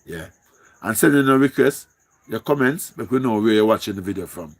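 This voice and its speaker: A man's voice: fairly low pitch, lively intonation, fairly quick. A man with a Jamaican accent hosting a casual live stream, pleading and repeating himself in singsong calls.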